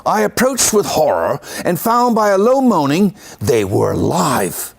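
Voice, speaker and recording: A man voicing a grim male British magistrate in a put-on Cockney accent, reading slowly and dramatically. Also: on the high side, huge pitch swings, gravelly, slightly rough, full character voice. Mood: horrified.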